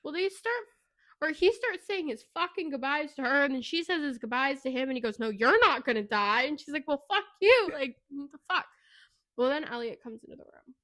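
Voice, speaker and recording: Animated, swearing woman recapping a book. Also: high voice, fairly quick, no room sound. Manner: animated, profane retelling. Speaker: podcast co-host. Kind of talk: casual book review chat.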